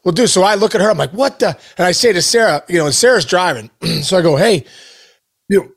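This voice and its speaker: A man co-hosting a podcast, telling an animated story full of dude and bro, acting out the voices of the people in it. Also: high-pitched, very fast, gravelly. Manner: excitable, says dude and bro a lot. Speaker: podcast co-host.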